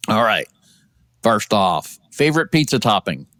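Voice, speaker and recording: Upbeat interviewer, dry sound. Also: male voice, fairly low pitch, very animated, fairly bright tone, no echo. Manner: upbeat, quick questions, frequent laughs. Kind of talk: casual interview.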